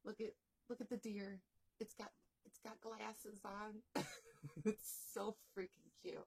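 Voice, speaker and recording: A woman vlogging as she unboxes a crochet gift, gushing and excitable, often repeating herself. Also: mid-range voice, slow pace, vocal fry, slightly rough. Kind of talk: unboxing vlog.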